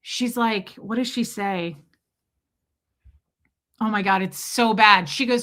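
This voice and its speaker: A woman's voice: medium pitch, takes it slowly, long pauses. An American woman hosting a livestream, chatting casually and emphatically with her viewers. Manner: animated, emphatic, mock accents. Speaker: livestream host.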